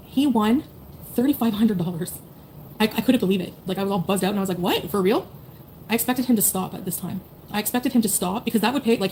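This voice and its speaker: Woman streamer in her 30s, rapid and blunt, swears freely, faint background hiss. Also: medium pitch, dark tone. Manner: blunt, profane, rambling with many "like"s and "you know"s. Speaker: streamer talking to chat. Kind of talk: casual livestream chat.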